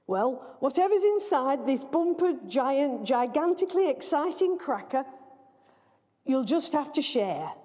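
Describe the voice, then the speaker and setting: A woman's voice: sits high, very animated, a little slow, warm tone. Woman doing a showy master of ceremonies. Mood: announcing. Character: fussy, bewigged male master of ceremonies. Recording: long reverb of a large hall.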